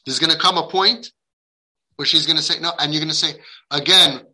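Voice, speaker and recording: A man's voice: a little high, a little fast, bright, forceful tone, poor audio. A man giving a heartfelt lecture to parents, speaking emphatically, acting out the dialogue he quotes, and dropping in Hebrew and Yiddish religious terms. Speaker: parenting guide addressing parents.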